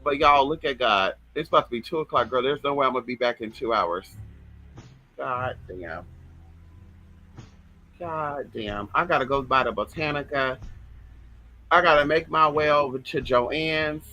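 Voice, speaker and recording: A man's voice: medium pitch, moderate pace, long pauses, bright, forceful tone, faint music behind, low-quality recording. A man hosting a casual livestream, talking in a sassy, flamboyant way, swearing freely and reading out viewer comments.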